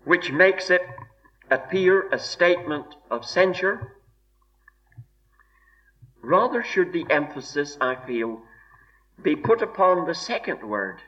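A man preaching an expository sermon in a slow, measured way, weighing each word with deliberate emphasis. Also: fairly high pitch, big pitch swings, bright, forceful tone. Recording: dull lo-fi recording.

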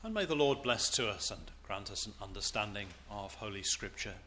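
A man preaching in church, reading scripture aloud in a solemn, deliberate way before his sermon. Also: fairly low pitch, expressive, bright, forceful tone, slight background noise. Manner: slow, solemn, deliberate delivery.

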